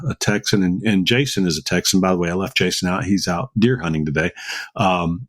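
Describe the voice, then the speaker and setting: Rambling low-voiced male podcast host. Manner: rambling, many fillers and restarts. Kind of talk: casual chat.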